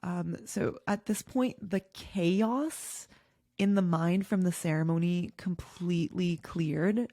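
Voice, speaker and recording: Low-voiced woman telling a personal story. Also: darkish tone, slightly rough, dry recording, studio quality. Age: 30s. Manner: candid and emotional, many fillers. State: tearful at times. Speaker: podcast host.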